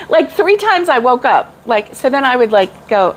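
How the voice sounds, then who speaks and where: A woman's voice: high voice, very animated, measured pace, poor audio. A middle-aged woman chatting casually with live viewers about crochet, rambling and laughing often. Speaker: crochet vlogger.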